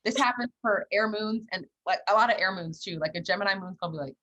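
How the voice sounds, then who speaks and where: Fast-talking, blunt young woman, husky. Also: mid-range voice. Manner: blunt, animated storytelling with acted-out quotes. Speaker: podcast co-host. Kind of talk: casual chat.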